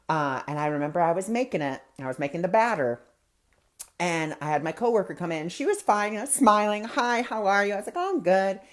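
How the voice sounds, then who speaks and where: A man's voice: sits high, expressive, fast talker. Chatty man hosting a spiritual talk. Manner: chatty, anecdotal, conversational. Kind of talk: casual spiritual teaching talk.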